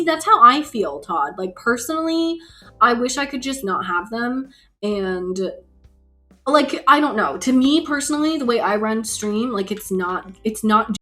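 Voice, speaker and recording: Animated breathy-voiced woman streamer. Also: a little high. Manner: rambling, chatty, excitable with gasps and laughs. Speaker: livestream host. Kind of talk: casual stream chat while gaming.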